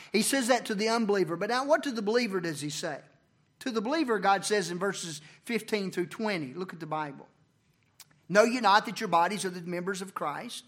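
Male preacher, high-pitched, dynamic delivery with big loud-to-soft swings. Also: animated, moderate pace. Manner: preaching with sharp swings from loud emphasis to near-murmurs. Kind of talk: sermon. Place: church.

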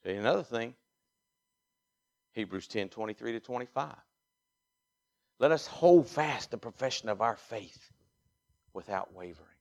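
Mississippi preacher delivering an emphatic sermon. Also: male voice, medium pitch, expressive, moderate pace, vocal fry, pauses often. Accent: Southern US, Mississippi. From Mississippi, USA. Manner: emphatic preaching, swinging from quiet asides to loud exhortation. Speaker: pastor.

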